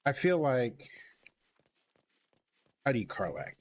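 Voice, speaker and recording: A man's voice: medium pitch, slow, slight background noise. Laid-back man muttering through a game stream. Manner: relaxed, muttering to himself as he plays. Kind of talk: casual chat while playing.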